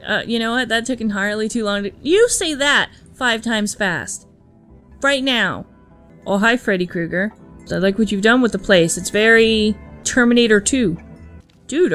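A woman's voice: mid-range voice, a bit bright. A young woman giving joking, sarcastic let's play commentary. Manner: joking, sarcastic, reads game lines in silly voices. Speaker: gameplay commentator. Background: game music.

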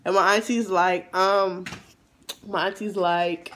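A man vlogger telling a storytime in an animated, emphatic way, with exasperated asides. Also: sits high, slow pace, slight background noise. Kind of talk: storytime vlog.

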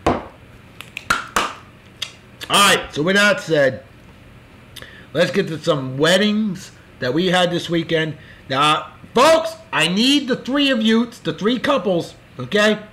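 A man hosting a casual show, giving boisterous, jokey birthday shout-outs in a folksy way. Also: high-pitched, expressive, slow pace, long pauses. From California. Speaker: show host.

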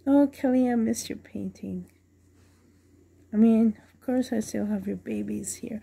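A woman's voice: a little high, fairly even intonation, slow pace, vocal fry, long pauses, mellow, husky. A woman at home unboxing a doll for her vlog, gushing with delight and often dropping to a whisper. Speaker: reborn doll collector unboxing a doll.

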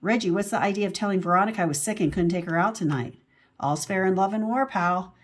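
A woman's voice: medium pitch, quick pace, husky, natural voice. Reggie, a woman doing a smug teen boy. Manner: cocky, taunting.

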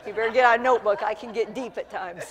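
A woman's voice: on the high side, quick pace, crowd noise. Fervent woman preaching in echoing church. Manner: lively storytelling, building to fervent shouts. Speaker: pastor. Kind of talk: sermon. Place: church sanctuary. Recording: long church hall reverb.

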